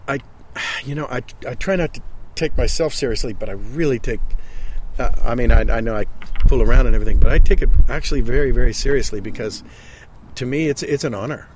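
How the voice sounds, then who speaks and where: A man in his sixties, a voice actor speaking in a casual interview, halting and often repeating his words. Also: medium pitch, darkish tone, slight background noise. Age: 60s. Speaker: voice actor guest.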